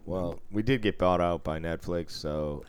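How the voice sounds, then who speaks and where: A man in his forties co-hosting a podcast, an animated storyteller who swears freely and laughs often. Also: deep voice, unhurried, clean tone. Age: 40s. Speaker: podcast co-host. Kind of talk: casual podcast banter.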